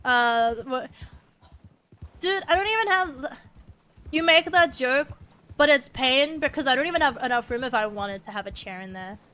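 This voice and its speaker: A woman's voice: high voice, animated, normal speed, long pauses, sharp tone. An Australian woman streaming a game, chatting casually, swearing freely and laughing often.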